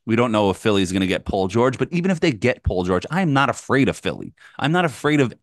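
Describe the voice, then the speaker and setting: A man co-hosting a sports podcast, excitedly ranting as a hyped fan, tired and short on sleep. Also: mid-range voice, no echo, clean studio sound. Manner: excited, ranting, fast bursts. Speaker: podcast co-host, Knicks fan. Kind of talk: casual sports chat.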